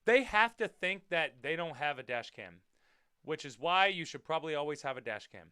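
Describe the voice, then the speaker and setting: Excitable man reacting to dash cam clips. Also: on the high side, moderate pace, clear, resonant tone, dry recording, studio quality. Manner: excitable, loud outbursts and swearing; drops to quiet muttering asides. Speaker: podcast host.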